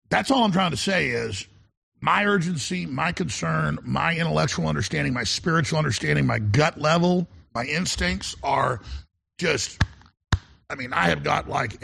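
A middle-aged male talk radio host in an impassioned monologue, with a gravelly, husky voice that still sounds bright and forceful. He speaks with urgency, repeats words and stammers through restarts. His voice sits a little high for a man.

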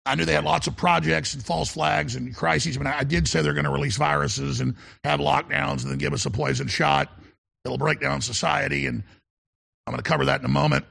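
A middle-aged man hosts a talk radio show in an impassioned, urgent monologue, stammering and repeating words through his restarts. His gravelly, husky voice sits a little high for a man and sounds bright and forceful, with fairly even intonation at a fairly quick pace.

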